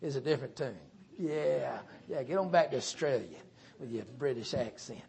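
A middle-aged man with a Southern US accent preaching a sermon in a folksy, joking, animated way. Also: mid-range voice, moderate pace, vocal fry. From Southern United States.

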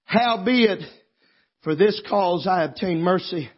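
Pastor preaching fervently in church, very high and husky, dull lo-fi sermon recording. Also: male voice, slow. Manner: fervent preacher, swings from quiet reading to impassioned, tearful shouting.

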